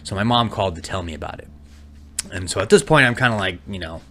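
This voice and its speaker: A young adult man co-hosting a podcast, telling crude stories loudly and breaking into yelled impressions. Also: low voice, fast. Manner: loud, animated storytelling with yelled impressions. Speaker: podcast co-host. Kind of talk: casual crude chat.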